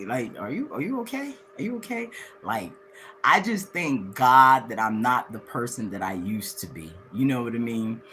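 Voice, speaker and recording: Animated woman telling a story, bright voice. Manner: animated, swings into high acted-out quotes of others; candid, slangy, laughs as she talks. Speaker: livestream host. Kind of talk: casual storytelling to viewers.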